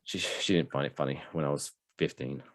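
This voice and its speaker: A man's voice: a bass voice, a little fast. A man with an English accent co-hosting a podcast, rambling and joking in casual chat. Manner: rambling, jokey, with animated asides. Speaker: podcast co-host.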